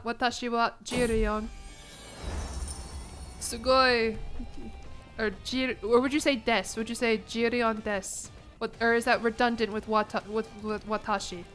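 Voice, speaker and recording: A young adult woman streaming a game, chatting casually with playful, self-mocking jokes and bursts of laughter. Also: low-quality recording. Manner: bursts of animated laughter and pitch jumps. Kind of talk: casual livestream chat while playing a game.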